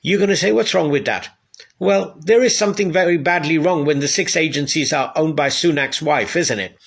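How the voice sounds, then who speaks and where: A man's voice: a little high, brisk, vocal fry. A man delivering a heated political rant, sarcastic and full of rhetorical questions.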